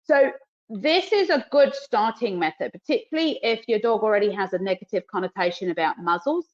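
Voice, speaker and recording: A woman's voice: medium pitch, animated, brisk. Woman dog trainer with a New Zealand accent. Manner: explains while cueing the dog, soft praise. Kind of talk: live training demonstration. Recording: dull lo-fi webinar audio.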